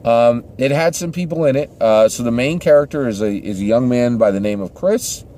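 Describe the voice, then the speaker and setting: A man's voice: medium pitch, a little fast, dark tone, a little hiss or hum. A man giving a casual, rambling movie review, often restarting sentences and checking in with the listener. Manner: rambling, restarts sentences, keeps asking "right?". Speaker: film reviewer.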